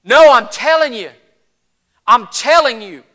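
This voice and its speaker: A man voicing an excited rough shepherd with a Southern accent, stammering and insistent, his voice cracking. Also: very high-pitched, moderate pace, heavily acted. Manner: stammering, insistent, shouting at times. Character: excited rough male shepherd, breathless with news.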